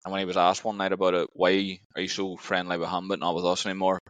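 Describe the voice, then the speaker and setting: A man's voice: deep voice, monotone, quick pace, a bit bright, dry recording, low-quality recording. A man hosting a conversational podcast, telling an anecdote casually with many fillers. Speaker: podcast host. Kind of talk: interview conversation.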